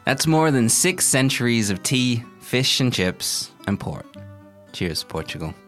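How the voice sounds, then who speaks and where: A man's voice: mid-range voice, big pitch swings, unhurried, fairly bright tone, soft background music. A man co-hosting a casual chat, making dry joking quips. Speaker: co-host.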